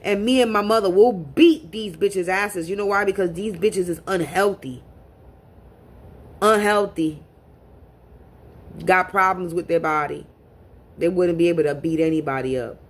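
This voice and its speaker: A woman's voice: lowish voice, measured pace, long pauses. Woman w/ venting to her camera, blunt, lots of cursing, trips over her words. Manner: blunt, profane, restarts and repeats words. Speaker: spiritual reader. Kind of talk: casual monologue to camera.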